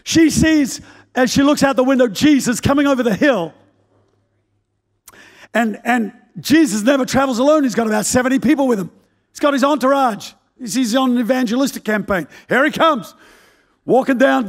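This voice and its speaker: An older male pastor delivering a sermon with a notably high voice. He tells a story in an animated, comic way, racing through the details. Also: normal speed.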